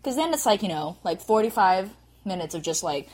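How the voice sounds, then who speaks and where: Lively female co-host, chatty with lots of fillers, home podcast setup. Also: mid-range voice, a little fast. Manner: animated, full of fillers and sound effects. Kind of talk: casual chat. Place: small home recording setup.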